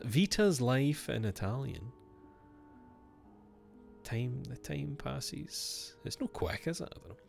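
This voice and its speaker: A man's voice: mid-range voice, vocal fry. A man streaming a game, reading its letters aloud and breaking off for wry asides to himself.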